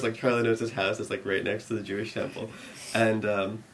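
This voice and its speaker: A young man telling a rambling story to an audience, full of fillers, growing animated and laughing as it builds. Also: lowish voice, quick pace, hardly any pauses.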